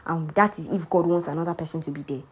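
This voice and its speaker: A woman's voice: low voice, fast, a little mellow, breathy edge. A young Nigerian woman hosting a podcast, speaking earnestly and heartfelt as she encourages listeners to keep faith. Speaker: podcast host. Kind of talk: motivational faith talk.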